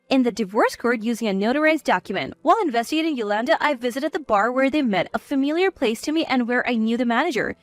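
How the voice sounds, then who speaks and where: Woman narrating a story, high lively voice, dry sound, cool and firm. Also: dry recording. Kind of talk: first-person story narration.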